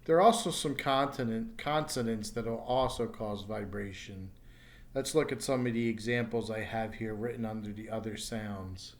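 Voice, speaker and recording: A man's voice: lowish voice, moderate pace. A man teaching an English pronunciation lesson, speaking carefully and repeating each sound for learners. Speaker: ESL teacher.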